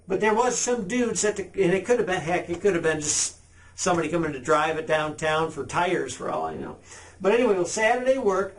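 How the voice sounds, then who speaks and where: High-voiced man giving a casual sales lesson. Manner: casual, emphatic, reads sample texts aloud. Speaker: sales trainer. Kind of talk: sales training talk.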